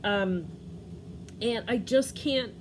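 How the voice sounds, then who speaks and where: Rambling, tearful woman vlogging at home. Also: very slow. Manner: rambling, scattered, laughs through tears. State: tearful, emotional. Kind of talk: casual talking-to-camera life update. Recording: clear background noise, furnace rumble.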